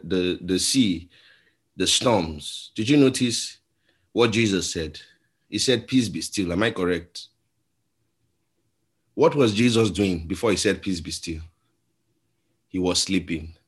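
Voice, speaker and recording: A Nigerian-accented pastor with a fairly low voice delivers a sermon, telling stories and performing the characters' voices. He moves back and forth between soft passages and loud ones.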